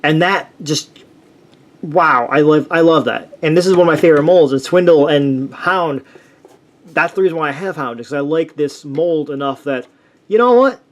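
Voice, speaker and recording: A man's voice: on the high side, normal speed. A man chatting casually through a toy review, enthusiastic and rambling, with many restarts and fillers.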